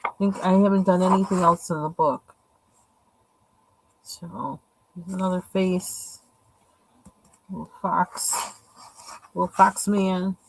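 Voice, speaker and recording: A woman's voice: on the low side, flat delivery, slow pace, gravelly, long pauses, dry recording, poor audio. A woman casually showing her coloring pages at home, rambling and thinking aloud as she goes. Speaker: coloring channel host. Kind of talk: casual show-and-tell.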